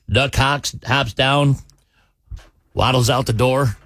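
Animated male radio host telling a joke. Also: mid-range voice, takes it slowly, dry recording. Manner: animated storyteller, acts out the bartender gruffly. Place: radio studio. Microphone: studio mic.

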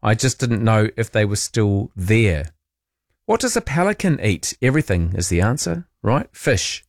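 A man's voice: fairly low pitch, big pitch swings, moderate pace, dry recording, clean studio sound. A man hosting late-night talkback radio, chatting and reading out listener texts. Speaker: overnight radio host.

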